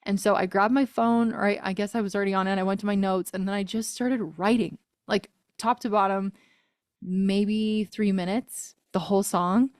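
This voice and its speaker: A woman's voice: mid-range voice, fairly even intonation, normal speed, a little mellow, no echo, studio quality. Earnest woman telling a personal story. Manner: earnest and emotional, laughs often, many fillers. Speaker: guest singer-songwriter. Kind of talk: casual interview storytelling.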